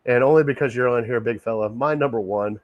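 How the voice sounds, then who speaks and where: A man's voice: medium pitch, quick pace, no echo, muffled recording. A man hosting a casual sports podcast, enthusiastic and laughing often, repeating himself. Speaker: podcast host.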